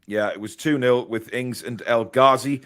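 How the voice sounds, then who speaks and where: A man's voice: mid-range voice, moderate pace, fairly bright tone. Laughing man hosting a football podcast. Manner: chatty, laughs often, reads out comments. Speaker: podcast host. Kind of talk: casual chat.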